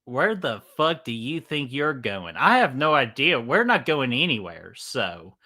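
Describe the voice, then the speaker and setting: A man's voice: medium pitch, very animated, a little slow, bright, forceful tone. A man with a Southern US accent hosting a casual live stream, greeting chat by name, laughing and swearing casually.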